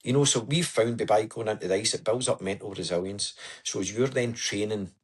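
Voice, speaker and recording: A man's voice: on the low side, brisk, breathy edge. A man as a podcast guest, telling his story in an earnest, chatty way. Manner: earnest, storytelling, says "aye" and "wee" often. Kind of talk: casual interview chat.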